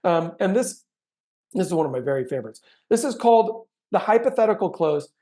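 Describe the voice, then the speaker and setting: A man giving an animated sales training talk, acting out client conversations with bursts of energy. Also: high voice, fairly quick. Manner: animated, acts out sales dialogues with big swings in energy.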